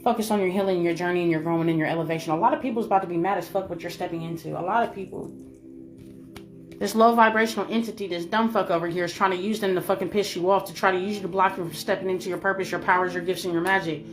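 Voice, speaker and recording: A woman's voice: lowish voice, fairly even intonation, rapid-fire, faint music behind. A woman delivering a spiritual message to her viewers, emphatic and repetitive, swearing freely and calling the listener baby. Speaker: spiritual reader.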